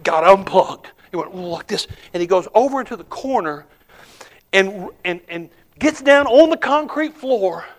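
A man preaching a sermon, telling a story, swinging from hushed murmurs to emphatic shouts. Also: high voice.

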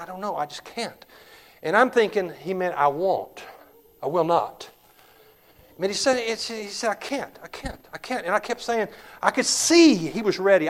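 A pastor delivers a sermon in a fairly high male voice. He swings between ringing declarations and quiet, intimate storytelling. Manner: impassioned preaching, swinging between loud declarations and hushed storytelling.

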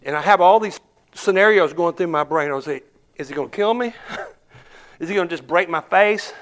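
A man preaching a sermon, telling a story, swinging from hushed murmurs to emphatic shouts. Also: high-pitched, moderate pace.

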